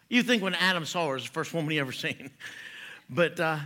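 A middle-aged pastor, a man, whose voice sits a little high for a man and rings bright and forceful. He preaches in a loose, chatty way and laughs at his own jokes. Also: fast talker. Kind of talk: sermon with jokes.

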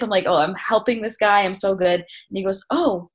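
Loud, animated young woman. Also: mid-range voice, normal speed, hardly any pauses. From New York area. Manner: animated storyteller, acts out her own quotes. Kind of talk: casual chat.

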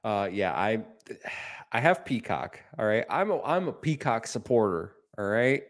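A man's voice: on the low side, sing-song, measured pace. Man talking games on a podcast. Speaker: podcast guest. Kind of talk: casual chat.

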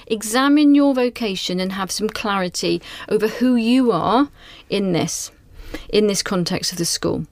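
Earnest woman, mid-pitched, reflective advisory tone, dry close mic. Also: measured pace, few pauses, no echo. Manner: earnest, reflective, asks many rhetorical questions. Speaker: national director of school inspections. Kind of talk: advisory conversation.

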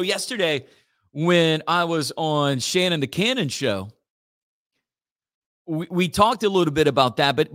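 A man's voice: on the high side, fairly bright tone, no room sound, clean studio sound. A man hosting a casual talk radio show, joking and reading listener messages.

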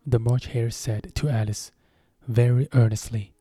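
A man narrating a storybook reading in a calm, measured way. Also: mid-range voice, slightly rough, no echo, soft background music.

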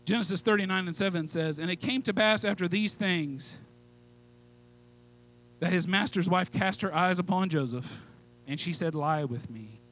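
A man preaching a sermon with fervent, pleading delivery, moving from hushed asides to loud calls. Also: high-pitched, moderate pace, rough recording. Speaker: pastor.

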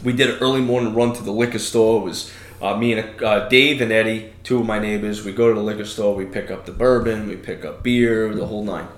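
A man's voice: fairly low pitch, fairly even intonation, brisk, reverberant. A man in his thirties from New York, hosting a podcast and telling stories in a loose, casual way, swearing freely. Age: 30s. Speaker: podcast host. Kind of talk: casual chat.

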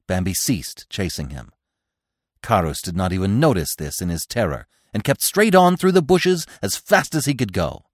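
A man, the podcast host, narrating a classic storybook in an expressive, dramatic way. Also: sits low, dry recording, studio quality.

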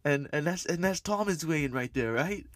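A man doing a high, jittery New York street robber. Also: moderate pace, no echo, clean studio sound. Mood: excited. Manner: excited, repetitive.

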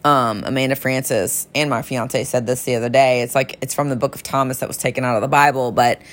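Low-voiced, enthusiastic woman telling stories. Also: steady tone, brisk. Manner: enthusiastic, chatty, addresses listeners as y'all. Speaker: health practitioner treating patients. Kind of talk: casual storytelling monologue.

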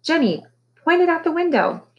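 Urgent eager boy in a storybook, read by a woman, lifted high and pressing. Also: big pitch swings, moderate pace, muffled recording, heavily acted. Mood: excited. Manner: urgent, pleading. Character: eager excited young boy.

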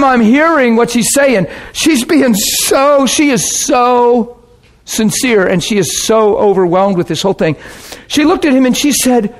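Animated high-voiced preaching man. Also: a little slow. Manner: animated storyteller, voice jumps high and shouts when excited. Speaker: pastor. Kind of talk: sermon storytelling.

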